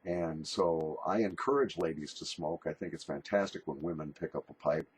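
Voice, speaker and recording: A man's voice: extremely low pitch, moderate pace, slight background noise. An older man recording a casual video letter as a pipe and snuff YouTuber, jokey, rambling and a little bawdy.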